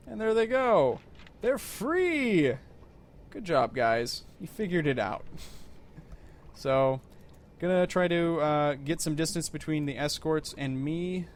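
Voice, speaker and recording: A man's voice: medium pitch, slight background noise. A man giving casual, rambling let's-play commentary with wry, self-mocking humor.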